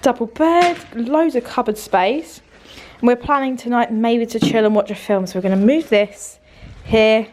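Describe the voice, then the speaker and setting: A young woman chatting casually in a travel vlog, bubbly and quick to laugh. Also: a little high, a little mellow. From United Kingdom. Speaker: travel vlogger. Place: hotel room. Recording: echoey room, faint background noise.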